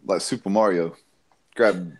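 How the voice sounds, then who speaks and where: A man's voice: deep voice, unhurried, darkish tone. A man hosting a casual live-stream chat, joking crudely, swearing and laughing often. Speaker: host.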